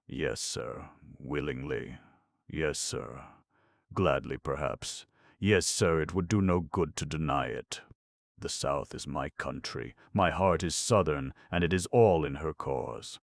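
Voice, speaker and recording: A man's voice: extremely low pitch, measured pace, no echo, studio quality. A man voicing a young male rebel spy who answers humbly and begs for mercy. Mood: humble.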